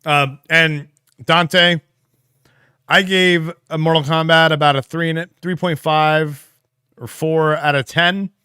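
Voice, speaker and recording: His voice fairly high and his delivery slow, this co-host has a clean tone captured in an echo-free studio recording. On the casual livestream he works through viewers' comments out loud, easygoing, with laughs and fillers.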